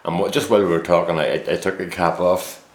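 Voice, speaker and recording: A man's voice: low-pitched, fairly even intonation, quick pace. A man, telling a rambling, self-mocking story to camera in a casual vlog. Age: 50s. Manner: easygoing, rambling, self-mocking anecdote teller. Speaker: vlogger. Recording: roomy echo.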